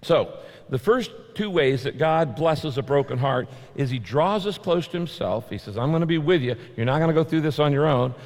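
A man's voice: fairly high pitch, a little mellow. A male pastor preaching a sermon, emphatic and repetitive, his voice rising sharply on key points. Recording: long hall reverb.

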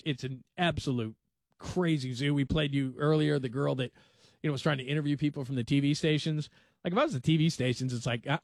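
A man's voice: fairly high pitch, a little mellow, no room sound. Guy hosting late night sports radio, rambly, talks straight into a dry mic. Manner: rambling, conversational, self-deprecating sarcasm. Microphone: studio microphone.

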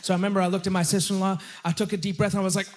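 A young man performing a stand-up comedy set, telling self-deprecating stories in a conversational way with pauses for punchlines. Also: sits high, level tone. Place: comedy club stage with audience.

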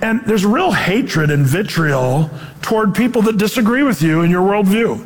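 High-voiced pastor preaching in a reverberant hall. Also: male voice, moderate pace. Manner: animated, acts out quotes in voices, laughs. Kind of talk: conversational sermon.

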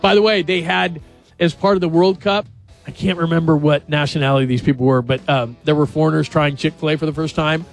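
A male radio host with a somewhat high, gravelly voice talks in a loose, jokey way and keeps tossing questions to his co-hosts. Light guitar music plays faintly under him. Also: steady tone, brisk. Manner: chatty, jokey, asks the others questions. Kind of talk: casual radio chat.

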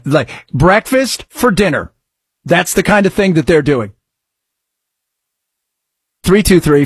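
A man's voice: on the high side, husky, no room sound. A man hosting a radio talk show, chatting casually and jokingly about sports and news. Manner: chatty, rambling, jokey.

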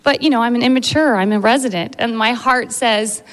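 A woman who works as an emergency medicine doctor tells a funny story, animated and laughing through it. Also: a little high, brisk, hardly any pauses, long reverb tail, slight background noise. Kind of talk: live storytelling.

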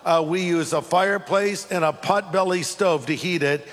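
A man from California preaching a sermon, telling a lively personal story and then reading scripture slowly. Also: high-pitched, in a large hall. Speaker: pastor.

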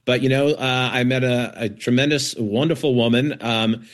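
A man's voice: mid-range voice, steady tone, normal speed. A man being interviewed as a guest actor, talking casually with frequent fillers, restarts and laughs.

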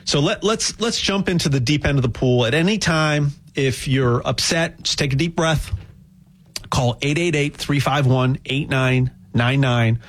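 A man giving a rambling, jokey sales pitch for buying gold, full of restarts and repeated words. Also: a little slow. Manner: animated, repetitive restarts, jokey asides. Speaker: gold dealer spokesman.

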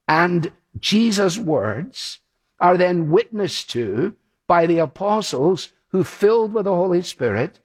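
Guy preaching, kinda husky voice, earnest and punchy, on the higher side. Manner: earnest, emphatic, repeats key phrases. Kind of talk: sermon.

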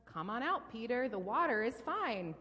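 A woman reading the gentle, reassuring lines of a kind grown man in a children's storybook, in a church hall. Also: on the high side, sing-song, moderate pace. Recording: long reverb in a large hall.

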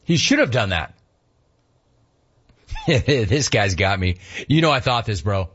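A man hosting a sports talk radio show, teasing listeners with amused, rapid-fire rhetorical questions. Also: on the low side, big pitch swings, fairly bright tone, breathy edge, lo-fi sound.

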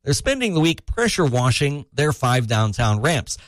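Male radio newsreader, dry studio read, steady mid-pitched voice, brisk scripted delivery. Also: dry recording. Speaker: news anchor. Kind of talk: scripted news reading.

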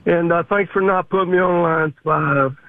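A man's voice: fairly high pitch, steady tone, moderate pace, dry recording. A man calling a radio show to complain, with an irritated, griping manner, heard over a phone line. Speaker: caller.

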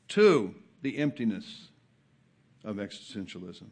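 Male pastor preaching to his congregation; stumbles and repeats, then builds to loud emphatic peaks. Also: lively intonation, a little slow, pauses often. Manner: builds from soft, low asides to loud, high emphatic peaks; frequent hesitations and repeated words. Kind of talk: sermon.

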